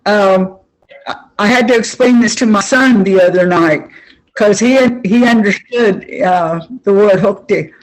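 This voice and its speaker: A woman's voice: medium pitch, measured pace, low-quality recording. A woman in a language class, chatty, sharing a personal anecdote with the teacher. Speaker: student in the class. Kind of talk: casual class discussion.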